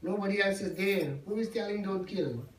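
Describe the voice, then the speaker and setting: A man with a slightly high voice tells a devotional story to a live audience, often checking in with them by asking 'yes?' and 'no?'. He is heard from some distance in a large hall that echoes noticeably. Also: normal speed. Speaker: religious storyteller. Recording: echoey hall, mic far off.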